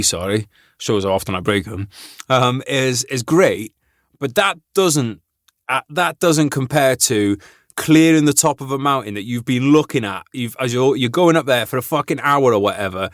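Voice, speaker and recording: A man who is an army veteran, hosting a podcast in a relaxed, laughing chat full of swearing and banter. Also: medium pitch, no echo, studio quality. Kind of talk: casual chat.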